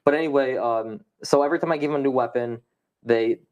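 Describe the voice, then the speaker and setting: A young man, a podcast guest, telling a story in animated, fast casual conversation and swearing often. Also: mid-range voice, lo-fi sound.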